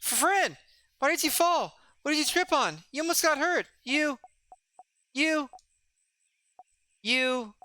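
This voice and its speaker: A streamer voicing an anxious young kid companion in a game, speaking in a high, strained, pleading way. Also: expressive, slow, long pauses, bright, forceful tone, no echo, exaggerated voice. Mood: alarmed. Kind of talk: voicing game dialogue in a let's play.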